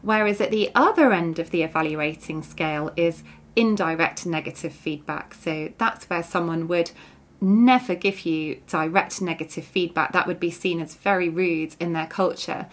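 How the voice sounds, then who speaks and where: A woman's voice: fairly low pitch, moderate pace. Chatty woman podcast host. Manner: chatty, breaks into giggles while reading aloud. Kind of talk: book review monologue.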